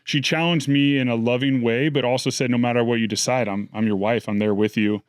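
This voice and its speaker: A man in his thirties recounts his story with earnest, reflective feeling. His voice is smooth and clear, and the recording is dry and close with no room sound. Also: mid-range voice, fairly even intonation, brisk, no room sound. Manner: earnest, reflective, emotional retelling. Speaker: interview guest. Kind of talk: candid storytelling.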